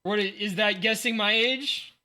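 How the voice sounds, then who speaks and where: A man's voice: high voice, normal speed, sharp tone. A man in his forties with a sleepy morning voice, chatting casually and rambling aloud on a livestream while unboxing cards. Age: 40s. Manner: rambling, thinks aloud, jokes at himself. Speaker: streamer.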